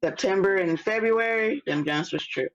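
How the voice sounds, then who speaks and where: A woman, co-hosting a casual podcast chat, halting and full of fillers. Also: medium pitch, no echo. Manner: relaxed, halting, lots of fillers. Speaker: podcast co-host. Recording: dull lo-fi sound.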